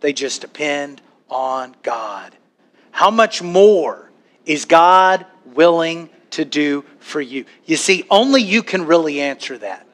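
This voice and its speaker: A man preaching a sermon to a church congregation, animated, now and then acting out worried voices. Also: on the high side, slow pace. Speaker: pastor.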